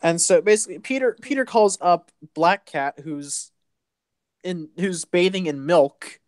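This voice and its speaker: A man hosting a casual comic book recap, rambling along with halting restarts and fillers. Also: high voice, dry recording, clean studio sound. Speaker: host.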